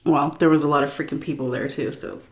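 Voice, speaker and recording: A woman's voice: deep voice, fairly even intonation, fast. A woman vlogger chatting casually while she eats, telling a story and mimicking the people in it. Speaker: mukbang vlogger.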